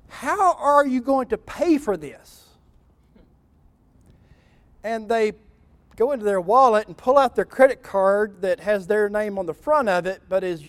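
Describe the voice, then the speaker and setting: A man preaching a sermon in an animated, wry way, acting out scripture scenes. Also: high-pitched, no echo.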